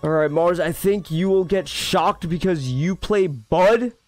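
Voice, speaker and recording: A high-voiced male streamer reacting excitably to chat during a live game stream, heavy on "bro" and "yo". His voice sounds close and dry, with faint game music underneath. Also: measured pace, no room sound. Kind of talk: live gameplay stream, reading chat aloud.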